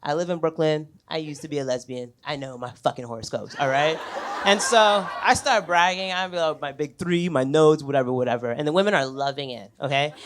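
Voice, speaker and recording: A man's voice: on the high side, brisk. Young man, stand-up comic, casual swearing storyteller with a chuckle, noisy club recording. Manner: conversational, chuckles between lines, swears freely. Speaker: stand-up comedian. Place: comedy club on stage. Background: audience laughter.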